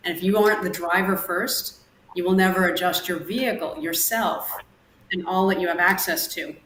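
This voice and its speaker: A woman performance coach, a guest on an interview podcast, explaining her method in a measured, deliberate way. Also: fairly low pitch, steady tone, a bit bright, echoey room, slight background noise, rough recording. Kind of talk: interview answers, coaching advice.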